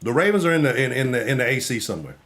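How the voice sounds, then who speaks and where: A man's voice: medium pitch, very animated, very fast, a bit bright. A man hosting a live sports talk show, brash, joking and profane.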